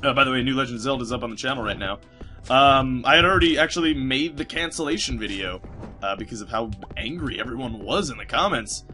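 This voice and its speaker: A man's voice: mid-range voice, quick pace, pushed and bright, soft background music. A man narrating his video game run, rambling and chatty as he plays, full of fillers and restarts. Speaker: gaming YouTuber. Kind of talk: let's play commentary.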